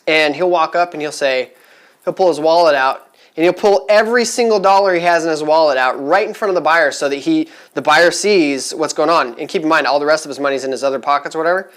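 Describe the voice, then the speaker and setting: A man's voice: a little high, fast talker, a bit bright. A man talking casually to camera in a vlog, chatty and rambling with many fillers, upbeat and eager. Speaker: vlogger giving resale advice.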